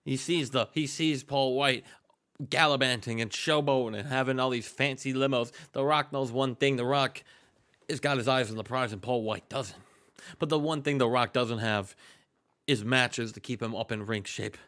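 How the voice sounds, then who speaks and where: A man's voice: mid-range voice, fairly even intonation, normal speed, a bit bright. A man casually narrating wrestling game results to a co-host, joking and swearing freely with hype-man flair. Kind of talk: casual gaming commentary.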